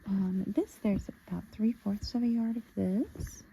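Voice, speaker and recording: A woman talks slowly through a fabric haul, her voice deep-toned and gravelly with fry. She muses aloud and sometimes trails off to a near-whisper. A faint hum of room ambience sits behind her. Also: steady tone, warm tone, rough recording. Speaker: sewing vlogger. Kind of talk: casual show-and-tell haul.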